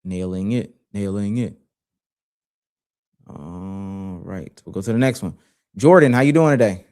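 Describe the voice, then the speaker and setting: A man hosting a casual livestream chat, reading viewer questions and taking callers in a relaxed way. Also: low-pitched, a little slow. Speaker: host.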